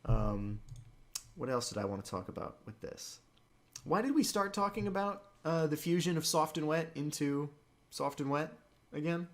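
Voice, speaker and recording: A man co-hosting a podcast in casual chat, excited, his voice jumping up in pitch when he gets keen. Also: moderate pace. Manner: excited, with sudden upward jumps in pitch. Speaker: podcast co-host. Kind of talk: casual chat about a comic.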